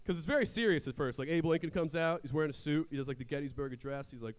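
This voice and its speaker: A man's voice: on the high side, rapid-fire. A young man doing a stand-up comedy set on a theater stage, crude and self-mocking in a loose, conversational way.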